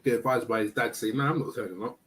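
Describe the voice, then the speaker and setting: A man's voice: medium pitch, fast, fairly bright tone. A man hosting a casual live boxing stream, chatting in slang and eating while he talks. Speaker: boxing channel host.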